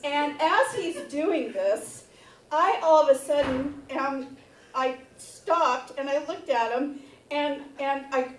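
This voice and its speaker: A stand-up comedian in her fifties, going through menopause, shares a candid personal story on a theater stage while the audience laughs. Her high-pitched voice is captured from afar with roomy theater acoustics and slight background noise, and she builds up to shouted reenactments.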